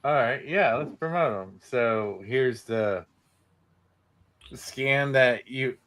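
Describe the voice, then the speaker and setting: A man's voice: medium pitch, drawn-out words, fairly bright tone. A man with a Midwestern accent co-hosting a casual livestream, bantering in a wry, teasing way. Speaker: co-host.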